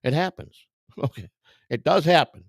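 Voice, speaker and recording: A man's voice: a little high, animated, moderate pace, creaky, dry recording, studio quality. A middle-aged man hosting a vlog, giving casual, rambling, profane commentary in a streetwise way. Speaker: vlog host browsing storage auctions.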